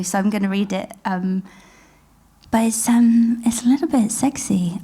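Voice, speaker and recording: A woman spoken-word poet, performing live on a theatre stage, mixing giggly, rambling asides with slow, lyrical recitation. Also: on the high side, warm tone, husky.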